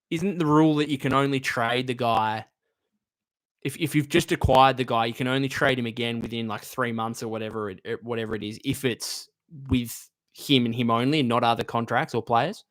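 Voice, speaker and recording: Male streamer, medium pitch, casual fan chat, heart on sleeve, lots of self-corrections. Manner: chatty, emotional, thinks aloud with restarts. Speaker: live stream host. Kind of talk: casual live-stream basketball talk, reading chat comments.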